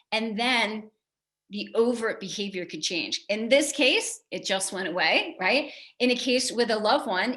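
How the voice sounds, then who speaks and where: Her voice is medium in pitch and fairly bright. This middle-aged American keynote speaker delivers a motivational talk in a chatty, joking style, frequently asking the audience questions.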